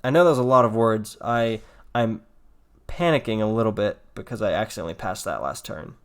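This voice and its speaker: A man's voice: fairly low pitch, lively intonation, fairly quick. A man giving casual commentary over his own card game, rambling and thinking aloud with fillers, yawning and a bit tired. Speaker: gameplay commentator.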